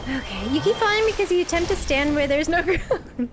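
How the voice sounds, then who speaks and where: A woman streaming a game live, panicking with rapid repeated no's and greeting her viewers by name. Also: very high voice, animated, background noise. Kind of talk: live gameplay commentary. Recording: loud music behind the voice.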